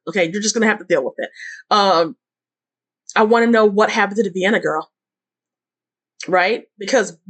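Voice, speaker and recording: A woman giving a casual, rambling movie review, frustrated and full of restarts. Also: medium pitch. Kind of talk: casual ranting film review.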